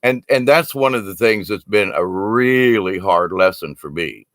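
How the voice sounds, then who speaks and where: A man's voice: low voice, expressive, unhurried, a bit bright, dry recording, clean studio sound. Rambling, swearing older man. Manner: rambling, laughs often, swears casually. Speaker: speaker on shamanism. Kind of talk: casual storytelling talk.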